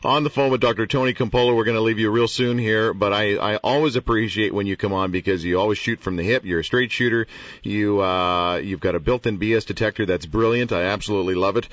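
A man's voice: on the low side, fast talker, a bit bright, dry recording. A man hosting a radio talk show, easygoing and effusive, often repeating himself. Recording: dull, slightly distant radio sound.

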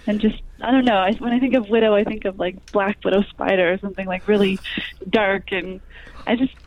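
Soft-spoken young woman, slightly lo-fi. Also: medium pitch, fairly even intonation, a little fast, slight background noise. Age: 20s. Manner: soft-spoken, frequent ums and likes. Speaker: guest. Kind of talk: interview conversation.

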